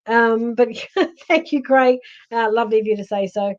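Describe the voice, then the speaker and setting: On a lo-fi recording, a psychic medium from Australia hosts a livestream, her voice pitched on the high side and moving at normal speed. Chatty and comforting, she reads out comments from viewers, often saying um and starting sentences over.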